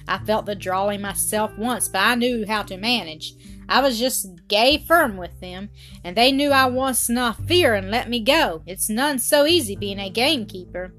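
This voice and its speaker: A woman's voice: a little high, a bit bright, natural voice. A woman reading the part of a bold, canny gamekeeper man who talks plainly and boasts.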